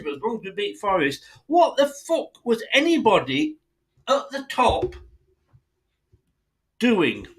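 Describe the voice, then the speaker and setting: An exasperated English man delivers a blunt, sweary fan rant. His voice sits high for a man and swings widely in pitch. He slips into quick mimicry of other people as he makes his case. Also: a bit bright. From England. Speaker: football fan channel host.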